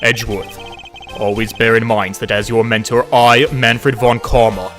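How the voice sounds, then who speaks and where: A man's voice: mid-range voice, flat delivery, normal speed, a bit bright, faint music behind, voice pushed down, close to an everyday voice. A man voicing a stern older male mentor prosecutor who demands perfection, reading game dialogue aloud. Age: 60s. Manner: commanding, demanding.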